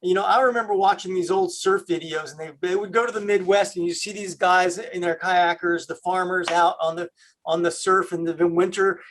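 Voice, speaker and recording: A man from Canada hosting a video call, talking in a halting way with many fillers. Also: sits high, fairly even intonation, fairly bright tone. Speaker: host.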